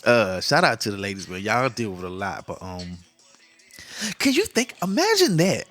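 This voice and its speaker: A man's voice: fairly low pitch, wildly swooping pitch, normal speed, fairly bright tone, faint music behind. A middle-aged man hosts a casual monologue, joking, laughing often and acting out the lines he quotes. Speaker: podcast host.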